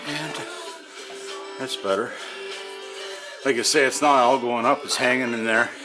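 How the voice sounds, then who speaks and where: A man's voice: medium pitch, fairly even intonation, measured pace, music in the background, rough recording. A man with a Canadian Ontario accent talking viewers through chores and cooking in his garage and frosty yard on a rural farm, in a folksy, chatty way. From Northern Ontario, Canada. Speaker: homesteading vlogger. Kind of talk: casual narration while working.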